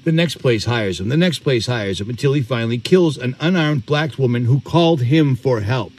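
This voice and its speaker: A man's voice: mid-range voice, expressive, normal speed, darkish tone. Earnest man preaching to camera. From Boston, USA. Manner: earnest, preachy, repeats for emphasis. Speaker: vlogger. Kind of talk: emphatic commentary to camera. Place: outdoors on a rural property.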